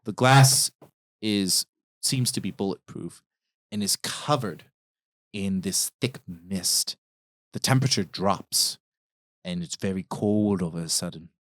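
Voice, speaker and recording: Deep-voiced man running a tabletop game. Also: slow pace, a bit bright, no echo, clean studio sound. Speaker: game master.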